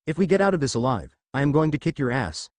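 A man voicing a calm, tough male ninja teacher with a dry, wry manner. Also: mid-range voice, fast talker, dry recording, close to an everyday voice.

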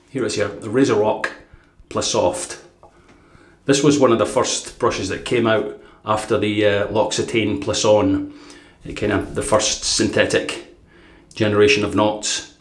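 A man's voice: on the low side, roomy sound. A man hosting a shaving channel, chatting casually and rambling with many fillers as he reviews his gear. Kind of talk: casual product review vlog.

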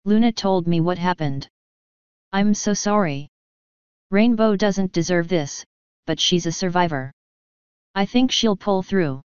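A showy but loyal unicorn guard, earnest with her friend, read by a woman. The voice is low for a woman and very clear. The recording sounds muffled and dry. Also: unhurried, pauses often, a little mellow, dry recording, lightly acted.

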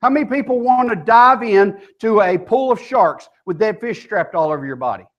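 A man's voice: high voice, expressive, normal speed, muffled recording. A male pastor preaching a sermon in a church, emphatic and firing rhetorical questions at his congregation.

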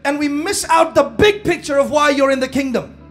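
Man, pastor, very high voice, live church sermon, shouts and quiet asides, faint music behind. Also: brisk. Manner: animated preaching, shouting and dropping to asides; casual slang, laughs at own jokes.

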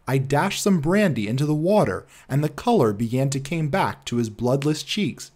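A man narrating a classic detective story as an audiobook in an expressive storytelling manner. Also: mid-range voice, moderate pace, few pauses.

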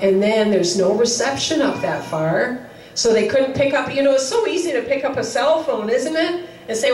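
This woman's voice is a little high and a little mellow, expressive and measured, with slight background noise. Recorded distantly in an echoing chapel hall, she shares a sermon story in a relaxed way, performing the quoted dialogue and using casual fillers.

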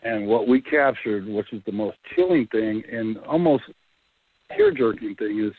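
A man calls in to tell his ghost investigation stories, animated and quick to act out everyone he quotes. His voice comes through a thin, tinny phone line with a dry, close sound. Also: on the low side, husky, no echo. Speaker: paranormal investigator guest. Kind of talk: casual phone interview storytelling.

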